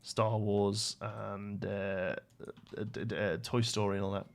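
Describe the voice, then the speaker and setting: A man's voice: fairly low pitch, flat delivery, measured pace, vocal fry. A young British man livestreaming a building game, rambling to himself and answering chat questions in a casual way. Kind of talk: casual live-stream chat while building.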